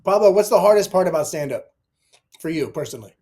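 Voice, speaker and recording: Mellow high-voiced male host. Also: animated, quick pace. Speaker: podcast host. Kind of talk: interview chat.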